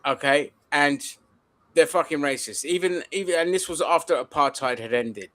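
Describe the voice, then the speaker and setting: A man with a slightly raised pitch talks bluntly in a casual political discussion and swears freely. His voice sits close and dry on the mic, with no room sound. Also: normal speed, fairly bright tone, dry recording.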